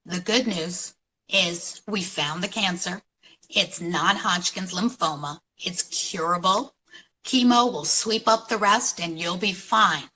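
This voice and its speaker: A middle-aged woman from New York City telling her story at a conference in an animated, storytelling way, with dramatic pauses. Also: lowish voice, low-quality recording. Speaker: conference speaker. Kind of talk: inspirational talk.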